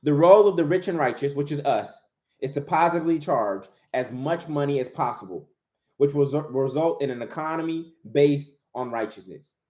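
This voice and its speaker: A man's voice: fairly high pitch, animated, moderate pace, dark tone. Preacherly man in an echoey room. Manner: preacherly, repeats key phrases for emphasis. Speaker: author and motivational speaker. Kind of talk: motivational spiritual talk. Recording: roomy echo.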